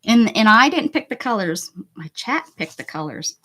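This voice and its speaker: This art journal creator is live-streaming her crafting and chatting casually with viewers in the chat, full of playful exclamations and jokes. Her fairly high voice is bright and forceful, with big pitch swings, a moderate pace, and few pauses.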